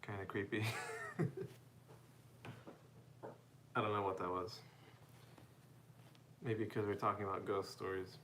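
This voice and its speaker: A man from the United States chatting casually as a live streamer, reading out viewer comments and answering them in a relaxed way, often laughing and calling people "bro" and "man". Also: fairly low pitch, moderate pace, a little hiss or hum. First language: bilingual with Spanish, parents from Mexico. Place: home room.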